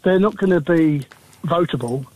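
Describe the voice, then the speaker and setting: A man's voice: fairly high pitch, animated, normal speed, darkish tone, dry recording, poor audio. A man in his sixties from England calling a radio phone-in, talking with many fillers and restarts. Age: 60s. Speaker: caller.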